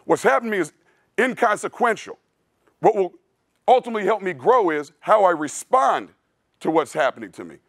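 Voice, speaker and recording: With a high, fairly bright voice that swings widely in pitch, a male strength coach speaks at normal speed in a clinic presentation. He's blunt, preachy and casual, often saying "dude," recorded dry with clean studio sound.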